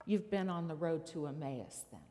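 A woman's voice: low voice, lively intonation, moderate pace, dark tone, big-room sound. A woman preacher giving a sermon, telling a story and asking the listeners rhetorical questions.

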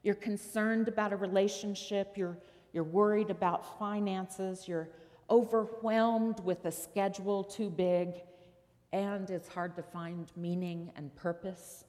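A woman's voice: medium pitch, fairly even intonation, measured pace, a little mellow, big-room sound. A woman preacher giving a sermon, telling a story and asking the listeners rhetorical questions.

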